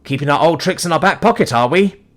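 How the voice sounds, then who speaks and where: A man's voice: a little high, animated, quick pace, pitched above the performer's own voice, lightly acted. A man voicing a sheepish young male wizard who rambles through nervous apologies. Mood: teasing.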